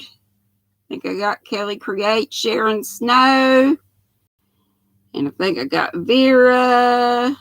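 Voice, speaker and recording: A woman's voice: a little high, fairly bright tone, dry recording. An older woman with a Southern accent, hosting a casual livestream, chatting folksily and greeting viewers one by one by name. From North Carolina. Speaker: livestream host.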